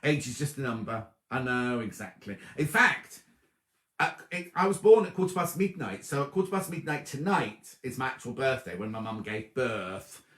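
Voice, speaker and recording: A man's voice: medium pitch, moderate pace. Chatty man, echoey room. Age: 50s. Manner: chatty, animated, thanks viewers by name. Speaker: host of a sewing livestream. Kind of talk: casual chat reading viewer comments. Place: home room before a dark wall.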